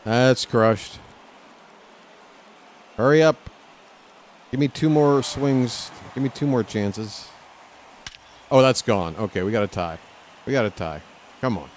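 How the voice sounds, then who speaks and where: A man streaming live gameplay from a lounge chair at home, talking to the game and reacting loudly as he plays. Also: medium pitch, takes it slowly, long pauses, slight background noise. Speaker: gaming streamer.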